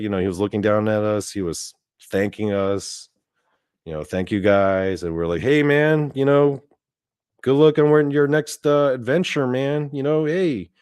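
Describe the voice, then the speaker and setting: A man tells a story from his own life in a loose, meandering way, swearing freely and circling back through fillers and false starts. His voice sits fairly low, and the recording is close and dry with no room sound at all. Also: darkish tone, no room sound. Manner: rambling, profane, full of fillers and restarts. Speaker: podcast host. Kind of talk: casual first-person storytelling.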